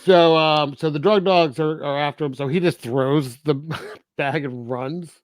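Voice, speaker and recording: A man's voice: fairly high pitch, a little slow, no echo. A man with a slightly raised voice chats through a film's plot, leaning on "like" and "um" and laughing often. The sound is dry and close, with no room around him. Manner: laughs often, recaps plot with filler words. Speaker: podcast co-host. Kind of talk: casual film review chat.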